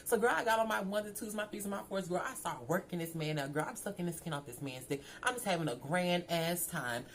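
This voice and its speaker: A young woman vlogger telling a storytime to her viewers in a sassy, animated way, often calling the listener "girl". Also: on the low side, quick pace.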